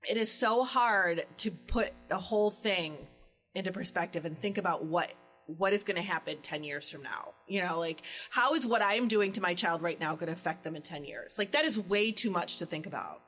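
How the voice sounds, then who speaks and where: Lively storytelling middle-aged woman co-host. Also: lowish voice, moderate pace, faint music behind, poor audio. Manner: lively storyteller, acts out quotes. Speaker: podcast co-host. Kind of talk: casual chat.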